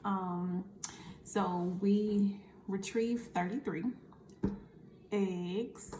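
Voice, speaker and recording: A woman's voice: medium pitch, fairly even intonation, drawn-out words, mellow, reverberant, slight background noise. A woman, chatting to camera in a casual vlog and acting out the conversations she tells about. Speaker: vlogger.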